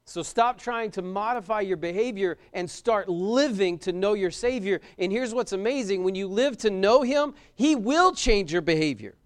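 A man's voice: high-pitched, animated, normal speed, few pauses, smooth. A young man preaching a sermon as a pastor, emphatic, repeating key phrases and questioning his listeners.

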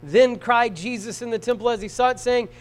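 A man preaching a sermon in a church, reading scripture aloud and swinging from soft, slow passages to loud shouting. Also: extremely high pitch, rough recording. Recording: mains hum. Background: hum.

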